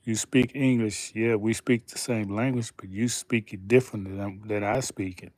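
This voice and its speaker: A man hosting a slow, deliberate commentary monologue, emphatic and pausing often, asking pointed rhetorical questions. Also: lowish voice, fairly even intonation, darkish tone, no room sound. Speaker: channel host.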